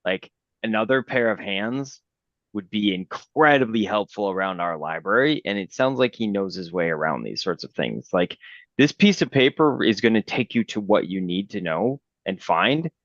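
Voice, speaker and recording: A man's voice: lowish voice, animated, normal speed, dry recording. Hesitant man pleading a deal, lo-fi. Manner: hesitant, persuasive, repeats words. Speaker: player. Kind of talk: tabletop game play. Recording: dull, dry lo-fi sound.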